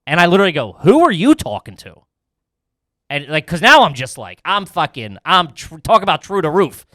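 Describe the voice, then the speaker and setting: A man's voice: a little high, a little fast, dry recording, clean studio sound. A man hosting a podcast, telling a story in casual chat with lots of swearing and acted-out quotes. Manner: animated, profane, acts out quotes. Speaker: podcast host.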